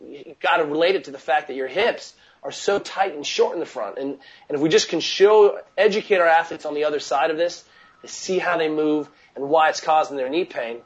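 Energetic man, slightly high, lo-fi. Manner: energetic, filler-heavy, restarts often with "you know". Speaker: mobility coach. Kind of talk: casual interview talk.

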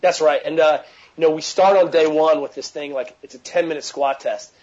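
A man with a slightly higher voice, talking energetically about coaching athletes in a casual interview. He piles on fillers and restarts, and the recording has a muffled, lo-fi sound. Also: a little fast. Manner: energetic, filler-heavy, restarts often with "you know". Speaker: mobility coach.

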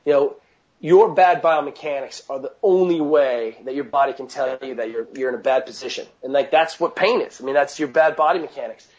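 A man's voice: medium pitch, fairly quick, darkish tone, dull audio. A man coaching athletes, talking casually and energetically in an interview, with lots of "you know" fillers and restarts. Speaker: mobility coach.

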